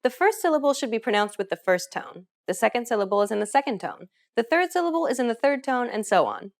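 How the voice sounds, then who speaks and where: A woman's voice: fairly high pitch, sing-song, fast. A woman narrating a scripted language lesson in an upbeat, encouraging way. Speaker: language teacher.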